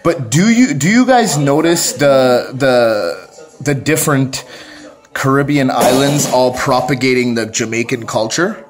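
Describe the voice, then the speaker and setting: A man's voice: medium pitch, a little slow, faint music behind. A man with a Toronto accent, joking and rambling as he chats to his vlog camera. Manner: joking, rambling, laughs at himself. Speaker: vlogger, father. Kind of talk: casual vlog chat.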